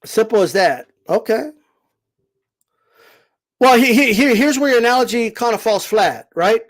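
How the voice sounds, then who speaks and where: Host, male, very high voice, emphatic and lecturing, raises his voice and drives each point home by repeating it. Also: low-quality recording. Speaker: boxing commentator host. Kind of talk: live-stream commentary answering chat.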